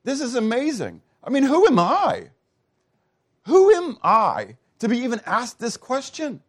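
A man voicing a young king praying aloud, fervent and halting, searching for words in overwhelmed awe. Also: sits high, wildly swooping pitch, voice pushed up.

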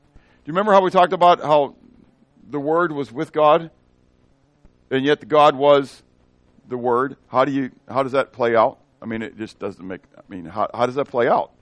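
A man's voice: mid-range voice, moderate pace, dry recording. A man preaching a verse-by-verse sermon, quizzing his listeners and acting out the dialogue in shifting voices. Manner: animated, asks the congregation questions. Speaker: pastor. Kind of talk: expository sermon.

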